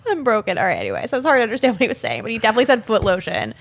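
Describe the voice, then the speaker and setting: A woman's voice: a little high, racing, vocal fry. Chatty young woman retelling a film. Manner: chatty, animated retelling with frequent fillers and laughs. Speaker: podcast co-host. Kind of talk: casual film discussion.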